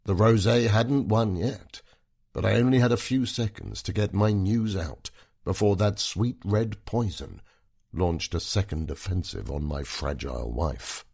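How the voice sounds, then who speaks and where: A man narrates a first-person story in a measured, low-key way. His low voice is gravelly and husky, and he takes his time. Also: darkish tone. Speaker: audiobook narrator.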